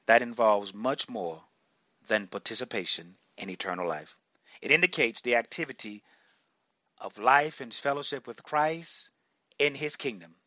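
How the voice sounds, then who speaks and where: A male preacher delivering a sermon, repeating phrases for emphasis and breaking into sudden loud bursts. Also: medium pitch, normal speed, dry recording, dull audio.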